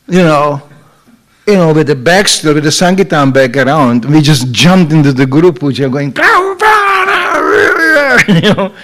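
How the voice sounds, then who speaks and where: Man, monk's story talk, lively, voices acted out, slightly high. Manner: animated storytelling, acting out voices and laughing. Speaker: monk giving a talk. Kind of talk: anecdotal spiritual talk.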